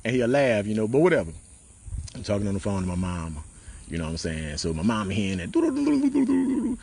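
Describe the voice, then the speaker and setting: A military veteran tells casual stories in slang, laughing often and acting out the lines of the people he quotes. His low voice moves at a quick pace, with a darkish tone and a breathy edge.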